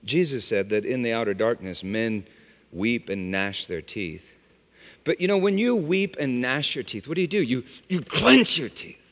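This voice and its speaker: A man preaching a sermon, swinging from loud exclamations to hushed, low phrases. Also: lively intonation, normal speed. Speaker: pastor. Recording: long hall reverb.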